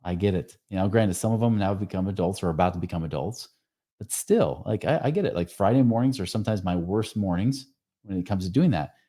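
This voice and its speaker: Deep, mellow-voiced podcast host. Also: male voice, animated, fast talker. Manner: earnest, conversational, frequent fillers and self-corrections; speaks directly to the listener with rhetorical questions. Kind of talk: casual advice monologue.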